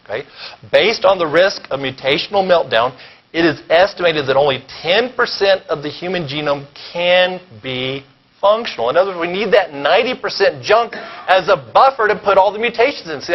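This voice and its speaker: A man giving a keynote lecture at a conference, animated and sarcastic, often pausing to check in with the audience. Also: on the high side. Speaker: keynote speaker. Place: conference hall. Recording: dull lo-fi recording.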